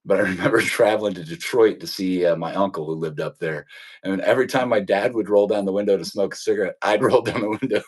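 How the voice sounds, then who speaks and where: A man's voice: fairly low pitch, quick pace, breathy edge. A man in his forties hosting a livestream, telling rambling personal stories in casual chat and laughing often. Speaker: livestream host.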